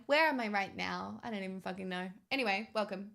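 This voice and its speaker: A woman's voice: medium pitch, normal speed, creaky, fairly bright tone. A young woman streaming, chatting casually with her viewers in a sarcastic, bantering way. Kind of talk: casual livestream chat.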